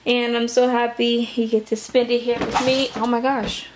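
A woman's voice: fairly high pitch, fairly quick, hardly any pauses, noisy background. A young woman from Wisconsin chatting casually and rambling on a vlog, a little out of breath. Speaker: doll-collecting vlogger. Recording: echoey room.

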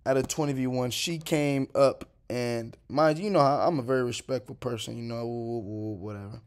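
Twenty-something guy, loose slangy vlog rant, rambly, bro every other word, mid pitch. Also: brisk, smooth. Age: 20s. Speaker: vlogger. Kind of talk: casual commentary over a clip.

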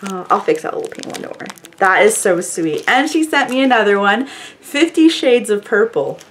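Woman vlogger, chatty and effusive, very animated pitch. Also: normal speed, slight background noise. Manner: gushing, effusive; chatty, rambling with fillers. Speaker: beauty vlogger opening fan mail. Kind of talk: casual chat to camera.

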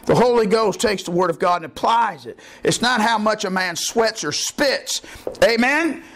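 A man preaching a sermon as pastor of a church, impassioned and folksy, rising to shouts. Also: high voice, expressive, moderate pace, slight background noise.

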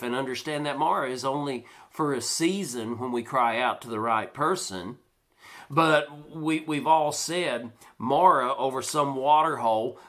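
A pastor preaching a sermon in a church, lively, now and then acting out worried voices in his quotes. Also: medium pitch. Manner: animated preaching, acts out quoted complaints.

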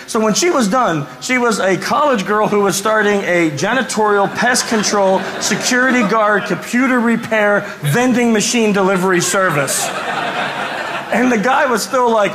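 Animated man telling stories at a conference. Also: high voice, normal speed, rough recording. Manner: animated storyteller, acts out quoted voices. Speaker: conference speaker. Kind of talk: storytelling conference talk. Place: conference room before an audience.

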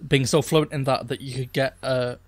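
Here a man co-hosts a podcast, talking at normal speed in a mid-range voice that barely shifts in pitch. It's relaxed, chatty banter with lots of laughter and "like" fillers, and there's no echo.

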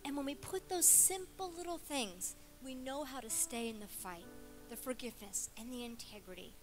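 A woman preaching at a women's conference, animated and jokey, swinging from loud to hushed. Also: sits high, normal speed, over music. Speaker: conference speaker. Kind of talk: sermon.

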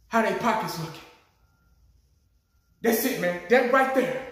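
A man's voice: very high voice, very animated, measured pace, long pauses, fairly bright tone. A man vlogging as a sports fan, ranting animatedly with plenty of profanity. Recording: very echoey room.

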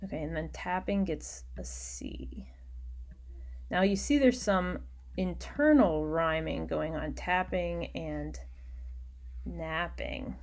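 Slow, patient woman teaching a lesson. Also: fairly low pitch, vocal fry. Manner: slow, patient explaining, often drops into quiet muttering. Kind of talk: recorded online lecture.

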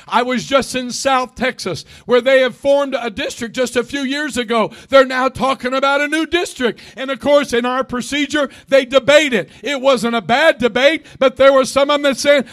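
A man in his sixties preaching a fervent Pentecostal sermon in a church, often shouting and calling for responses. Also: very high-pitched, steady tone, normal speed, hardly any pauses. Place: church sanctuary.

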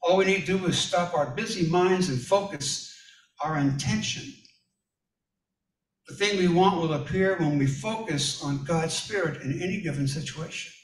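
A man's voice: fairly high pitch, normal speed, a little hiss or hum. A male pastor giving a conversational sermon, telling personal stories in a folksy way and speaking directly to his listeners. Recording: echoey room, distant from mic.

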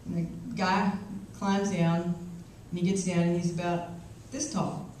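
The keynote speaker has a lowish, somewhat dark voice, speaking a little slowly in an even tone. Her talk is a storytelling piece full of wry self-mockery, recorded on a small camcorder from a distance in a large, echoey hall with faint background noise.

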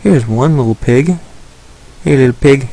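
Man, let's-play commentary, gravelly, playful, coaxing. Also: mid-range voice, unhurried, warm tone, rough recording. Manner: playful, talks to the game animals. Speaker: gaming commentator.

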